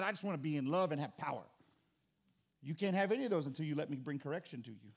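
A man in his thirties preaches from the pulpit, his voice a touch high and swinging widely in pitch. He acts out short bits of dialogue, then drops low and soft for reflective stretches. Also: lively intonation, quick pace, breathy edge. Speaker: pastor. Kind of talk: sermon. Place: church sanctuary.

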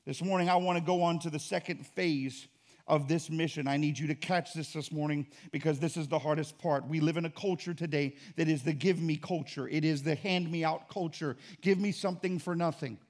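A man preaching a sermon as pastor, emphatic and repetitive in cadence, swinging between loud and quiet. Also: on the high side, fairly even intonation, fairly quick. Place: church.

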